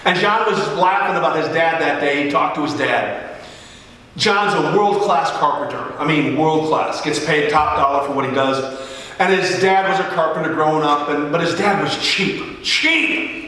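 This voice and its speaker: A middle-aged pastor tells stories in a sermon, putting on the voices of the people in them. His voice is high and bright. It carries through a large church hall, with long reverb, picked up from a distance. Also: normal speed. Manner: joking, animated storyteller who acts out dialogue. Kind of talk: storytelling sermon.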